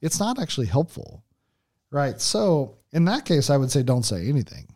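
A man's voice: medium pitch, big pitch swings, normal speed, darkish tone, no room sound, clean studio sound. A man co-hosting a Christian marriage podcast, teaching in a casual, conversational way with frequent "like" and "right?" and many restarts.

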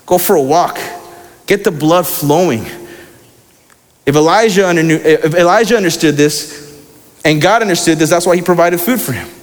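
A man's voice: on the high side, moderate pace, long pauses, long reverb tail. A young man preaching a sermon in a casual, slangy way, reading scripture aloud between asides.

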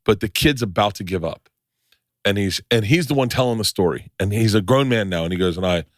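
Profane, animated middle-aged male podcast host. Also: fairly low pitch, a little fast, no room sound, studio quality. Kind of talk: casual podcast chat.

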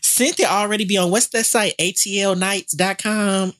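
A woman's voice: medium pitch, fairly even intonation, moderate pace, a bit bright. A woman co-hosting a comedy gossip podcast, making blunt, profane wisecracks in casual chat. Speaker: podcast co-host.

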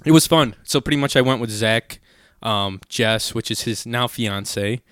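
A man's voice: mid-range voice, measured pace, a bit bright, smooth, no echo, studio quality. A man in his twenties telling rambling, profane stories in casual conversation as a podcast host. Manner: loose, profane, rambling storyteller. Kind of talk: casual storytelling chat.

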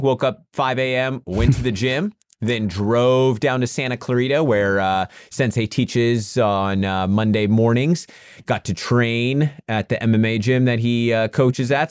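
A man's voice: mid-range voice, no echo. Rambling man with a dry voice. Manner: rambling, halting with frequent "uh" fillers. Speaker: podcast co-host. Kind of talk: casual chat.

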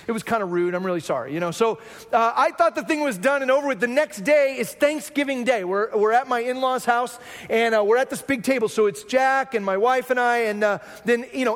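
A man's voice: very high-pitched, fairly bright tone, long reverb tail. A man preaching a sermon, telling a self-deprecating family story with jokes. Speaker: pastor.

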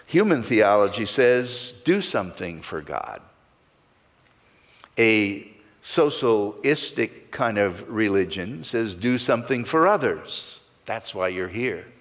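A man's voice: lowish voice, very animated, takes it slowly, big-room sound. A male pastor preaching a sermon, stressing key words with sweeping rises and falls.

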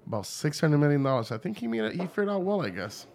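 A man co-hosting a casual whiskey tasting chat, exclaiming loudly and swearing freely. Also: fairly high pitch, big pitch swings, quick pace. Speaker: podcast co-host.

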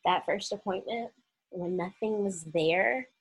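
A woman's voice: medium pitch, unhurried, husky, low-quality recording. A young woman from Oklahoma telling a personal story in a casual vlog, acting out the voices of the people she quotes.

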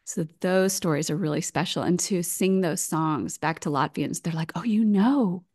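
A woman talking as a guest on a podcast over a video call, chatty and quick to laugh. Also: low voice, darkish tone. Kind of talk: casual interview chat.

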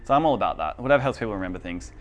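A man's voice: on the low side, lively intonation, very fast, a little hiss or hum. A man giving a casual, chatty teaching talk in a church room, often asking the audience whether they follow. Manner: chatty and informal, asks the audience for agreement.

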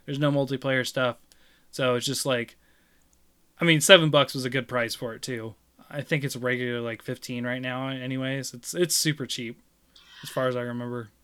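A man chatting casually about a video game he played, rambling and laughing loudly. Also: medium pitch, fairly even intonation, normal speed, clean tone. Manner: mimics game voices in retelling. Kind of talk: casual chat.

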